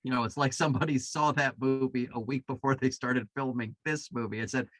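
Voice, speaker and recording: A man's voice: medium pitch, steady tone, fairly quick, a bit bright, no room sound. A man co-hosting a podcast, chatting casually during a movie watch-along, joking and playing with words. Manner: jokey, playful wordplay, laughs often. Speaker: podcast co-host.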